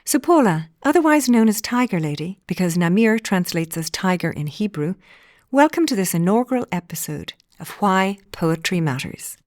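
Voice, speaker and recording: A woman's voice: mid-range voice, animated, moderate pace, a little mellow, no room sound, clean studio sound. A woman hosting a podcast, delivering a flowery, theatrical scripted introduction. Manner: ornate, theatrical, wordplay-loving delivery. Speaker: podcast host.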